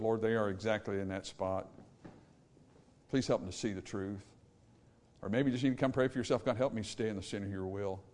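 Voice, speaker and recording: Brief: male pastor, fiery sermon delivery that drops to hushed pleading. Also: fairly low pitch. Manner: fiery, swinging from loud emphasis to hushed pleading. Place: church sanctuary.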